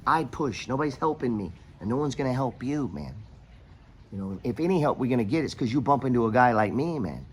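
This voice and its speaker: A man's voice: medium pitch, very animated, quick pace, slightly rough. A middle-aged American man hosting a podcast, giving money advice in a blunt, profane, rambling motivational rant. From United States.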